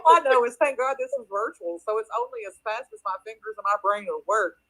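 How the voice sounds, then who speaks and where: A woman's voice: on the high side, lively intonation, fast, a bit bright, poor audio. A woman from Kentucky with an Appalachian accent, chatting casually as a guest on a live audio space, laughing often and restarting her sentences. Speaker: crypto project guest.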